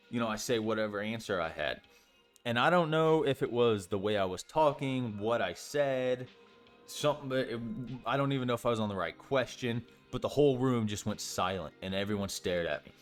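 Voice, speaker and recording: A young man telling a story in a casual vlog, rambling with lots of fillers and swearing freely. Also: on the low side. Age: young adult. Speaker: storytime vlogger.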